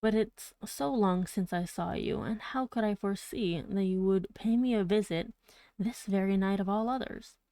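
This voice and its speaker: Woman reading an eager gentleman collector, gushing and talkative, mellow voice, dry close sound. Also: medium pitch, moderate pace, no room sound, close to an everyday voice. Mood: excited. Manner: enthusiastic, talkative. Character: eager, excitable gentleman collector, adult man.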